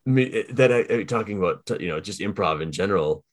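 Deep-voiced man chatting casually. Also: lively intonation, fast. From Boston area. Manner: rambling, self-correcting, wry. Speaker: podcast co-host and game master. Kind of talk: casual chat.

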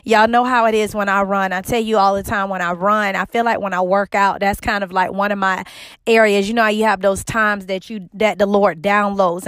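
A woman's voice: medium pitch, a bit bright, smooth, no echo. A woman hosting a devotional podcast, preaching with exuberant, emphatic repetition and speaking straight to her listeners. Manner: exuberant, emphatic, repeats herself for effect; talks directly to listeners as y'all. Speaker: podcast host and ministry co-founder.

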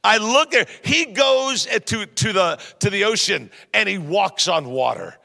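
Upbeat bright-voiced man preaching. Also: high-pitched, measured pace, creaky, in a large hall. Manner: upbeat, joking, lively storytelling. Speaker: pastor. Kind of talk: sermon. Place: church hall.

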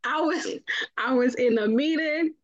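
A woman caller speaking very slowly in a fairly high voice. She sounds friendly, and her line is dry and muffled. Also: no room sound. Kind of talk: casual chat. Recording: dull, dry call-in line.

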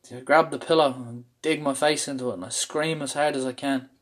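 A man with a middle-pitched voice tells his story in a candid, intense way and swears without holding back. He comes from Ireland, and the talk feels personal and unscripted. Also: steady tone, fairly quick. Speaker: speaker sharing a personal story.

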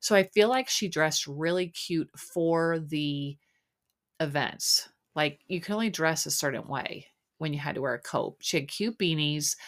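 A woman's voice: low voice, fairly bright tone. A woman hosting a podcast, chatting casually and rambling with lots of fillers. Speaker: podcast host. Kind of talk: casual chat recapping a reality show.

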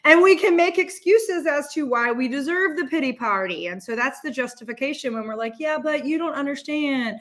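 A woman's voice: sits high, brisk, few pauses. Candid woman giving a casual motivational talk. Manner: candid, swears casually, animated with many restarts. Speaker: host.

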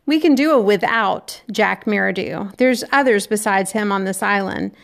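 A woman's voice: mid-range voice, normal speed, gravelly, natural voice. A woman reading the lines of a fussy, earnest schoolboy who argues his point. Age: child. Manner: earnest, indignant. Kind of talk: read-aloud novel dialogue.

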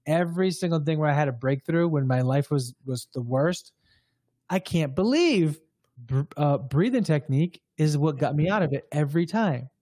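Mellow, fairly high-pitched man telling a story. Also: animated, moderate pace, no room sound, clean studio sound. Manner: casual, loose, with many fillers. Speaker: guest, breathwork coach. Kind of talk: candid personal storytelling.

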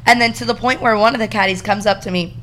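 A woman in her twenties from Florida, a podcast guest telling a story in a lively way, acting out the people she quotes and swearing now and then. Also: mid-range voice, fast talker, a little hiss or hum. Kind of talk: casual storytelling.

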